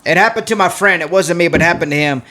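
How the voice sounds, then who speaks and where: Bright, lively high-voiced joking man. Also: fast. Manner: lively jokester, acts out his story with loud yelps. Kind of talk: casual comedy podcast banter.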